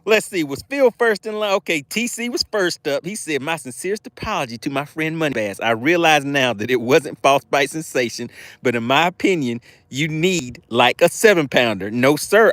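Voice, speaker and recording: A man's voice: a little high, animated, normal speed, fairly bright tone, no room sound. A man hosting a live fishing stream outdoors, reading viewer chat aloud and teasing them playfully. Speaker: fishing livestream host. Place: outdoors by the water.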